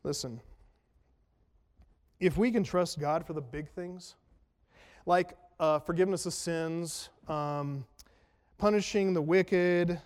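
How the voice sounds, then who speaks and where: A man's voice: on the high side, slow pace, long pauses, darkish tone. A man preaching a sermon in a conversational way, asking rhetorical questions and making self-deprecating jokes. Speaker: pastor. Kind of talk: expository sermon. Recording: long reverb of a large hall.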